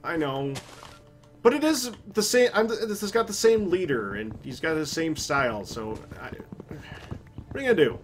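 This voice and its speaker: Let's-play host, mid-pitched man, animated swings in tone, faint music under. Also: moderate pace. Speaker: host recording a gaming series. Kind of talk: casual gaming chat.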